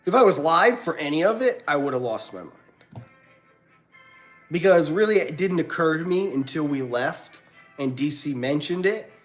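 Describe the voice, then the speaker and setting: A man rants through a story on his livestream. He is animated and acts out other people's lines with big jumps in pitch. Faint music plays behind him. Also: normal speed. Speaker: livestream host. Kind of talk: casual storytelling rant.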